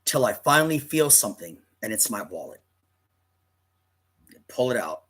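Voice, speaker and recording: A man's voice: lowish voice, very animated, moderate pace, fairly bright tone, slightly rough. A man telling a personal story in a rambling, dramatic way, often correcting himself mid-sentence.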